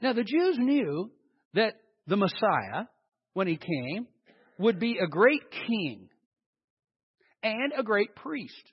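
Husky high-voiced man preaching. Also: very animated, takes it slowly, long pauses. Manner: conversational teaching, rhetorical questions to the congregation. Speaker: pastor. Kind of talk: sermon. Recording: dull long-reverb hall sound.

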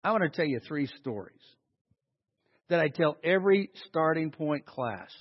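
A man preaching a sermon as a pastor, telling stories and swinging from loud acted-out quotes to hushed, slow emphasis. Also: fairly high pitch, animated, breathy edge. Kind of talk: sermon storytelling. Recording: dull sound with long hall reverb.

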